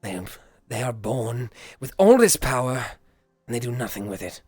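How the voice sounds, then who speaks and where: A man's voice: mid-range voice, sing-song, normal speed, darkish tone, breathy edge, no room sound, studio quality, faint music behind, pitched below the performer's own voice. Man putting on a bitter, sneering young magic student. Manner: scornful muttering with a put-on accent. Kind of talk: live roleplay performance.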